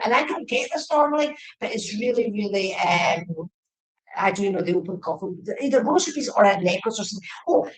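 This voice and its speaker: Woman, psychic medium, chatty, repetitive, mid pitch, echoey room. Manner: chatty, warm and repetitive, addressing viewers by name. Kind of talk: live-streamed psychic reading. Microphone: webcam or phone.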